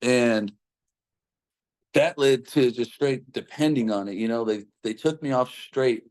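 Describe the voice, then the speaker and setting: A young man with a mid-pitched voice tells a personal story. His talk rambles, full of fillers and constant swearing. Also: unhurried, a little mellow.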